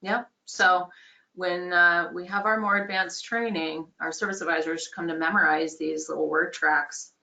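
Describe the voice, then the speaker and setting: A woman sales trainer talks through a customer-care course in a relaxed, conversational manner. Her voice is bright and clear, her tone upbeat and explanatory. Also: fairly low pitch, normal speed.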